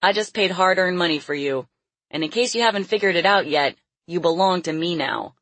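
Menacing male villain for a storybook, voiced by a woman narrator, smug and taunting, husky tone. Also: lowish voice, fairly quick, fairly bright tone, no room sound. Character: smug, menacing middle-aged male captor.

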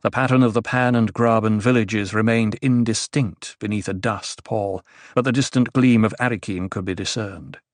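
A man narrating a novel in steady, even scripted storytelling. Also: fairly low pitch, normal speed, dry recording, clean studio sound. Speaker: audiobook narrator.

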